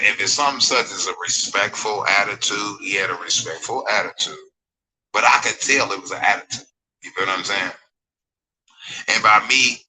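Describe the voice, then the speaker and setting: A man's voice: sharp tone, rough recording. A man telling a rambling, profane story in a livestream rant, acting out both sides of a conversation. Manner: retells exchanges in a raised, pitched-up voice.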